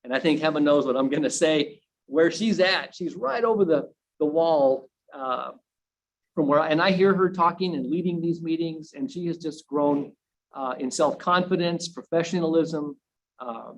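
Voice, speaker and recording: A man, a university administrator, giving a halting speech in a video meeting from his own room, repeating words and pausing on fillers. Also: fairly high pitch, poor audio. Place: home room used for video calls. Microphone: computer video call.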